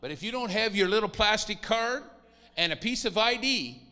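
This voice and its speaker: A pastor with a high, bright voice delivers a sermon at a moderate pace, his pitch swinging lively as he acts out whiny pleas. His words ring through a church hall with a long reverb tail.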